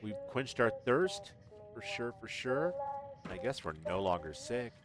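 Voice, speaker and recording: A man's voice: medium pitch, very animated, measured pace. A man streaming a game, chatting casually and joking as he plays. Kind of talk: casual gameplay commentary. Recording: voice over game music.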